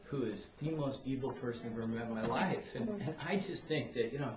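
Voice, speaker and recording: A man's voice: mid-range voice, animated, lo-fi sound. Middle-aged guy rambling through a toast, far from the camera, echoey room, lots of people chatting behind. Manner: rambling, halting, with many restarts. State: tearful near the end. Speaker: toast giver at a family gathering. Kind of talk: heartfelt personal toast. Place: indoor party room with guests. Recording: roomy, distant camera with crowd chatter.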